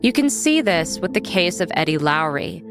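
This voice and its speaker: A woman hosting a podcast, reading scripted narration in a measured, serious way. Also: on the low side, very animated. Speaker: podcast host. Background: music.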